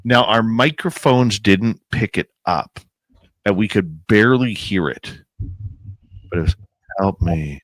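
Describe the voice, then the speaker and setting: A man telling a suspenseful outdoor experience as a guest on a podcast, animated and pausing to build suspense. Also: fairly low pitch, no echo. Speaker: guest, paranormal researcher and radio host. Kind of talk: casual storytelling in a podcast interview.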